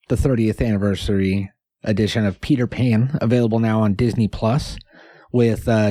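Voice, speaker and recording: A man co-hosting a comedy podcast, joking in a deadpan, rambling way. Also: mid-range voice, dry recording, studio quality. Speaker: podcast co-host. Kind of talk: casual comedy chat.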